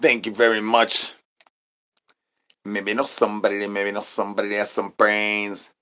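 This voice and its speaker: Man streamer, bright edgy tone, rambling nonsense comedy, stutters words over and over. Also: lowish voice, completely flat delivery, moderate pace, smooth. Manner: sing-song rhyming catchphrases. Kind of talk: absurd comedic rant.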